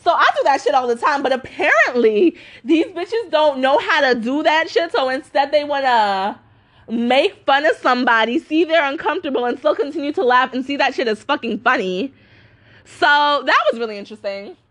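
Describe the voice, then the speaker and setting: A woman's voice: expressive, normal speed, fairly bright tone. A woman in her twenties hosting a podcast, ranting casually and swearing a lot, with many fillers. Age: 20s. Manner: profane, emphatic, full of fillers; mocking high voice when quoting others. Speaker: podcast host.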